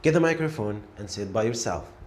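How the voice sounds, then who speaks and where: A man teaching a beginner lesson, repeating each letter clearly and encouraging the learner. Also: fairly low pitch, lively intonation, quick pace. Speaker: Arabic teacher.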